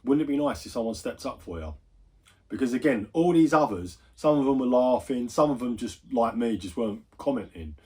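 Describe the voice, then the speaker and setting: A man's voice: medium pitch, expressive, fairly quick, dark tone, husky. A man chatting casually, swearing freely and wandering into asides as he tells a story on his gaming vlog. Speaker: gaming YouTuber.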